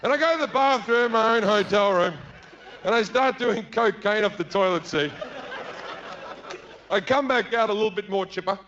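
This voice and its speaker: A fairly high-voiced Australian man in his thirties delivers a stand-up story on stage, jumping between narration and acted-out voices. The recording is slightly dull, with faint noise underneath. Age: 30s. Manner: acts out characters in quick bursts, shouts and mutters. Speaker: stand-up comedian. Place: theater stage before an audience.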